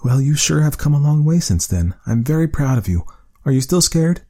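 Guy doing a soft coaxing lady doctor, higher voice than his own, friendly and calm. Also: fairly quick. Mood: soothing. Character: calm, sweet-talking female research doctor.

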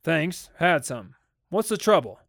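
A man's voice: fairly high pitch, big pitch swings, unhurried, gravelly, fairly bright tone, no echo, full character voice. A man voices a composed psychologist in a spoken story. He is wry and matter-of-fact, and he sounds close and dry. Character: calm, dry adult male psychologist. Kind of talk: dramatic audiobook reading.

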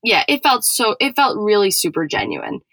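A woman's voice: medium pitch, huge pitch swings, moderate pace, fairly bright tone, no room sound, rough recording. Chatty woman recapping reality TV. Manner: chatty, many "like" fillers. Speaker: podcast co-host. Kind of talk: casual chat recapping reality TV.

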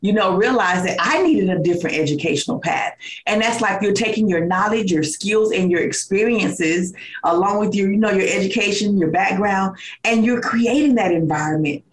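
Enthusiastic woman host in echoey room. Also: normal speed. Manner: enthusiastic, affirming, high energy. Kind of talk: casual interview chat.

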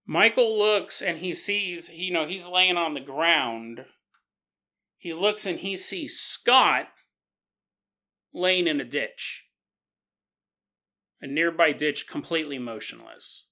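A man hosting a podcast and telling a paranormal story in a lively, conversational way. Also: fairly high pitch, slow pace, long pauses. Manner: animated, conversational retelling. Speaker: podcast host.

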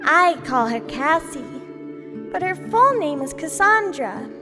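A man's voice: very high voice, sing-song, in a large hall, music in the background, pitched above the performer's own voice, exaggerated voice. A man voicing a shy, hesitant young girl in a storybook reading. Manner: hesitant, halting. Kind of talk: audiobook character voice.

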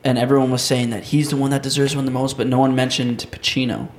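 Matter-of-fact young man, mid pitch. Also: flat delivery, quick pace, slight background noise. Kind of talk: casual chat game.

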